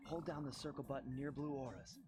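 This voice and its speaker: A man's voice: on the high side, fairly even intonation, fairly quick, natural voice. A man doing Sly Cooper, a cocky raccoon thief. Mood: puzzled. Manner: cool and confident. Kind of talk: video game cutscene acting. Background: game music.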